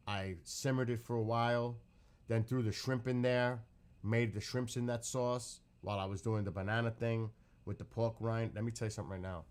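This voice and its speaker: A man chatting casually and excitedly as he explains a recipe step by step, often repeating that he is getting hungry. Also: mid-range voice, moderate pace, smooth. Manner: rambling, self-correcting step-by-step explanation. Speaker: streamer reacting to his own cooking clip.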